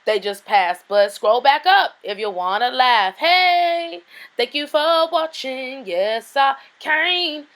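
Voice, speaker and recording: Very high-voiced playful woman comedian. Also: expressive, slow, fairly bright tone. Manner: gushing, playful. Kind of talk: comedy special banter. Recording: noisy background.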